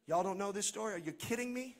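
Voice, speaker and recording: A man preaching a sermon as pastor, swinging between shouted, sing-song passages and hushed, conversational asides. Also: high-pitched, quick pace.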